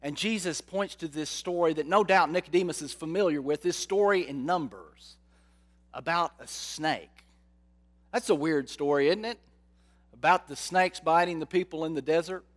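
A man preaching a sermon, slow and dramatic, often asking his listeners rhetorical questions. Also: fairly high pitch.

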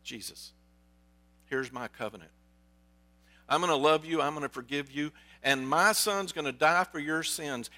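A pastor preaches a sermon, telling stories conversationally and putting questions to his congregation. His voice is on the high side, pushed and bright, with a moderate pace and long pauses.

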